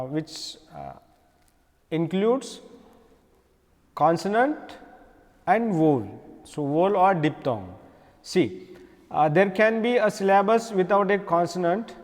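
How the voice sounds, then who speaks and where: A man with an Indian accent teaches an English class, his fairly high voice a little mellow. He explains patiently, repeating key words and pausing often with fillers, and a long reverb carries his voice.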